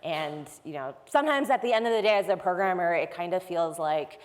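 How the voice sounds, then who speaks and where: A woman's voice: on the low side, animated, a little fast. A woman giving a technical conference talk, explaining step by step in a conversational way. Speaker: conference speaker. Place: large conference hall. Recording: long hall reverb.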